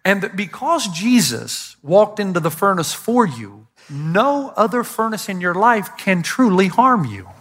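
A bright-toned older man preaches with a fairly high voice. He tells stories animatedly to a church congregation, with quick asides and self-deprecating humor. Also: sing-song, breathy edge. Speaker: pastor. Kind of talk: sermon. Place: church stage before a congregation.

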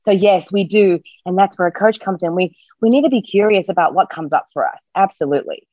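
A woman's voice: mid-range voice, a little fast, no echo. Woman, parenting coach, reassuring, emphatic, muffled lo-fi audio. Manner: reassuring, emphatic, repeats key phrases. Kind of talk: casual podcast chat.

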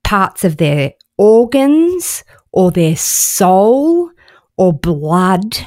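A woman co-hosting a podcast in casual chat, animated and given to dramatic exclamations. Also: medium pitch, drawn-out words, no room sound, clean studio sound. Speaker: podcast co-host.

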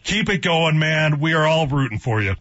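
Host: husky, somewhat high male voice, excitable and jokey, dull radio tone. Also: normal speed, no room sound. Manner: enthusiastic, joking. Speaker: radio show co-host, former player. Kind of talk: casual sports radio chat.

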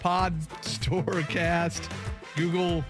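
A man's voice: high voice, very slow, over music. A man co-hosting a sports radio show in casual, joking banter, sometimes mocking politicians in put-on voices. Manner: jokey, animated, mocks politicians in put-on voices. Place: radio studio. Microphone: studio microphone.

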